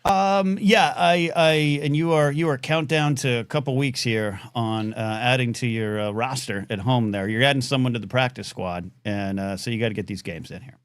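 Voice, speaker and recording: A man hosting a live call-in talk show in a casual chat, animated, often jumping up into playful high tones with many restarts. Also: moderate pace, hardly any pauses, smooth, no echo.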